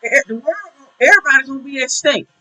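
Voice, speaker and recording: A man's voice: very high voice, lively intonation, rapid-fire, pushed and bright. A man, a minister, talking in a preachy, emphatic way in casual discussion, repeating his points. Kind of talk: casual talk show discussion. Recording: dull lo-fi recording.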